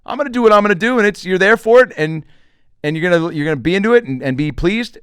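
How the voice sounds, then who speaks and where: Animated, joking man hosting a podcast. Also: sits high, clear, resonant tone, no echo. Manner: animated, joking, swearing, does quick voices for quotes. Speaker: podcast host and comedian. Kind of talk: casual solo podcast monologue.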